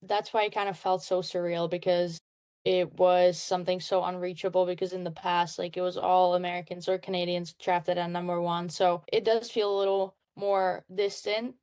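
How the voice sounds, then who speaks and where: A woman's voice: on the low side, flat delivery, moderate pace, a little mellow, smooth. A young woman, a hockey player talking earnestly as an interview guest, at times searching for words. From Czech Republic. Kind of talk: casual interview.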